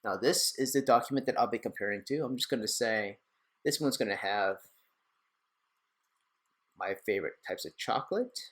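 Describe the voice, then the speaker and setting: A young man hosting a casual screen-recorded software tutorial, chatty and rambling with self-deprecating asides. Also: fairly low pitch, moderate pace, pauses often. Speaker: tech tutorial host.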